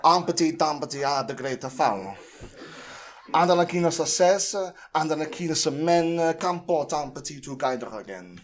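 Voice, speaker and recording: A man's voice: fairly high pitch, animated, normal speed, pitched above the performer's own voice, natural voice. A man reading a nonsense rhyme in an exaggerated, playful stereotypical French accent. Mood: mock-French.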